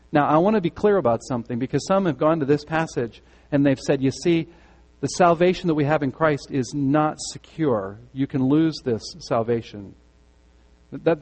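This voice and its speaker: A man's voice: on the high side, mellow, long reverb tail, rough recording. A man preaching a sermon to his congregation, emphatic and repeating key words for weight. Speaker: pastor. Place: church sanctuary.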